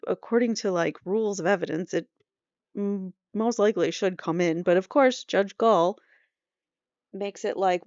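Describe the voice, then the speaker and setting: Woman host, low gravelly voice, casual true-crime recap with asides; dry, muffled home recording. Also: a little slow, darkish tone, dry recording. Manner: conversational, reads quotes aloud, trails off into asides. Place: home room.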